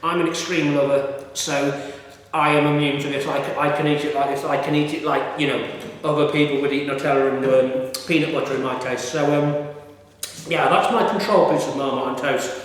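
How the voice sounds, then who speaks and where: A man's voice: on the high side, steady tone, brisk. A middle-aged man rambling casually with many fillers and restarts, reviewing food in a vlog. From United Kingdom. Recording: echoey room with long reverb.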